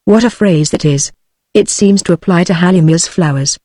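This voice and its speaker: A synthetic woman's voice with a British accent reading the lines of an earnest young lady of the house in an even manner. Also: on the low side, normal speed, dry recording, studio quality, natural voice. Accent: British English.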